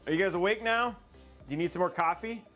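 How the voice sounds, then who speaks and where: A man's voice: sits high, quick pace, sharp tone, soft background music. A man hosting a casual livestream, chatting with viewers and laughing often while he builds a computer.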